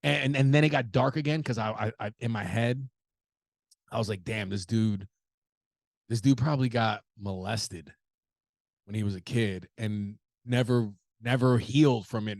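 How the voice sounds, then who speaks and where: A male podcast host tells a meandering, foul-mouthed story in a loose, animated monologue, often starting over mid-thought. His voice is mid-range, and the recording is dry and studio quality.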